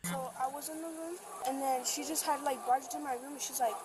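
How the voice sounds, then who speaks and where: A young woman recounts events to police in a rambling way, with lots of fillers. Her voice sits fairly high, and clear bodycam noise runs underneath. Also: steady tone, fairly quick. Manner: rambling, filler-heavy retelling. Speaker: witness, younger sister. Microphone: police body camera. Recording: noisy bodycam audio.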